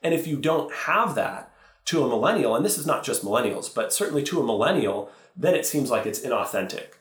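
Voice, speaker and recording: A man's voice: mid-range voice, lively intonation, a little fast. A male priest and teacher speaking earnestly in a podcast interview, often correcting himself as he goes. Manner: thoughtful, earnest, with self-corrections. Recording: roomy echo.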